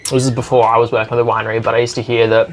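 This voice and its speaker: A man's voice: mid-range voice, completely flat delivery, very fast, slight background noise. A man hosting a podcast, asking loose, rambling questions in a casual chat. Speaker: podcast host.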